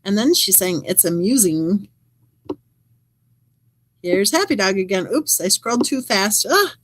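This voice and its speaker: A woman's voice: mid-range voice, lively intonation, measured pace, low-quality recording. A woman hosting a true crime channel, reading live chat comments aloud and adding wry, chatty asides.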